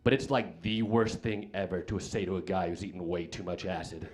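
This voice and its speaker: A man's voice: deep voice, fairly even intonation, a little fast, a little mellow, a little hiss or hum. A young man doing a stand-up comedy set on stage, telling rambling self-deprecating stories full of restarts and filler words. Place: comedy club stage with live audience.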